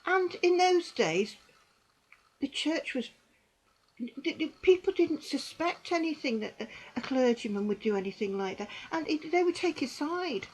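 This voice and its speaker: A middle-aged woman gives earnest personal testimony to camera, halting and repeating herself. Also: sits high, animated, rough recording. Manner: halting and repetitive, with restarts; earnest and emotional, with bitter dark humour. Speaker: survivor giving testimony.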